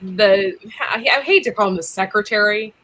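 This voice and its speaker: A woman chatting casually on a livestream, laughing often and filling pauses with ums. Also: mid-range voice, pushed and bright. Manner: giggly, chatty, lots of ums. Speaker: livestream co-host.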